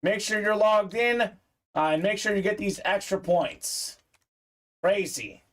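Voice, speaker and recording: Chatty upbeat livestream break host. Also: male voice, high voice, measured pace, fairly bright tone. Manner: upbeat, chatty, many "uh" fillers, reads viewer comments aloud. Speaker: sports memorabilia break host. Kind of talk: live-stream card break commentary.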